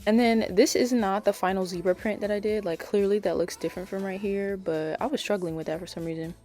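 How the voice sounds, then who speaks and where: A woman's voice: mid-range voice, fairly even intonation, a little fast, few pauses, mellow, soft background music. A young woman chatting casually as a nail art vlogger, rambling with lots of fillers and self-corrections. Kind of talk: casual voice-over chat.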